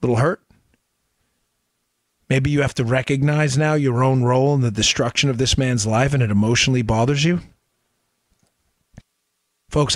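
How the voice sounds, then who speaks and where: A man's voice: mid-range voice, no echo. A man delivers a fiery political monologue as a talk show host, pressing his points with repeated, mocking questions. His voice sits in an ordinary middle range. The sound is dry and close, with no room around it.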